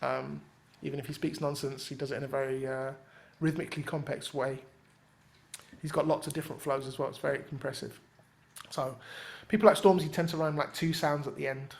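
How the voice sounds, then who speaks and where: A man's voice: on the high side, steady tone, fairly quick, vocal fry. A man leading a rap writing workshop in casual teaching talk. He is easygoing, fills gaps with "um" and slips into rhythmic rap examples as he explains. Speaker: workshop leader and rapper.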